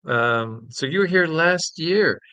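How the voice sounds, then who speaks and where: A man's voice: a little high, expressive, slow pace, bright, forceful tone, clean tone, no echo. A man hosting a casual live-stream chat, reading viewer comments aloud and laughing. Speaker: podcast host.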